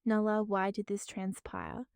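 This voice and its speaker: A woman voicing a ruined husband who pleads hysterically for help, in a mellow, smooth voice. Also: mid-range voice, level tone, a little slow, dry recording, close to an everyday voice. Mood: pleading. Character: desperate ruined man, pleading and sobbing.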